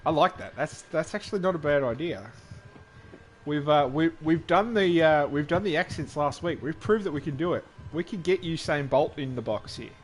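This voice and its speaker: A man's voice: on the high side, normal speed. A man co-commentating a sim race in a laid-back, teasing style, chatting with the host. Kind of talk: casual live race commentary.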